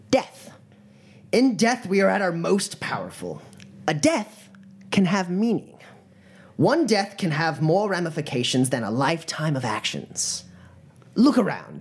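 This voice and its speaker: A game master voicing a masked, ruthless male gang leader who preaches slow, sermon-like menace to recruits. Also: medium pitch, husky, voice pushed up, exaggerated voice. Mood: menacing.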